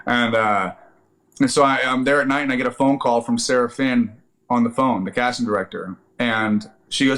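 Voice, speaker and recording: A man, an actor and army veteran, telling a lively story as a podcast guest, casual and profane, with many fillers. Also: mid-range voice, moderate pace, rough recording.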